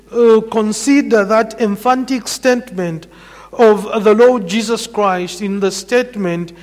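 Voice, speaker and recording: A man delivers a sermon in a high voice, slow and deliberate. He stresses each claim and repeats lines for weight. His voice rings out with a long reverb from a church hall. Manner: measured, emphatic, repeats key phrases. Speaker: preacher.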